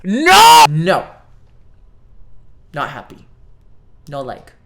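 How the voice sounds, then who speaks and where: A woman's voice: sits low, huge pitch swings, very slow, a bit bright. A woman reacting to a story with casual, joking commentary, full of swearing and goofy asides. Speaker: streamer reacting to her writing.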